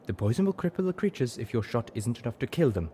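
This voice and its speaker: A man voicing a calm, knowing female zebra who speaks in a measured, instructive way. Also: mid-range voice, slight background noise, pitched above the performer's own voice, close to an everyday voice. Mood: instructing.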